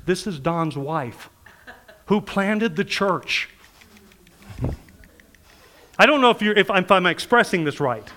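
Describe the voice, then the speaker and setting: This high-voiced man delivers a sermon at a moderate pace, telling stories and playing the characters in them. Lively throughout, he laughs often while preaching.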